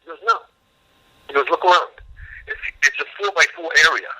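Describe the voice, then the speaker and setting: A man talks fast and emphatically as the guest in an interview, with a bright, forceful edge to his voice. He tells his stories in an animated way, acting out both sides of each conversation. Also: on the high side, low-quality recording. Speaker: animal rescue worker, guest. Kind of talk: interview, storytelling.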